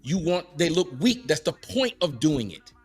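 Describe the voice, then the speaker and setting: Man, middle-aged, podcast host, high voice, very lively pitch, preachy, mocking. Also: moderate pace, breathy edge, soft background music. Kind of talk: heated casual debate. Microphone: studio mic.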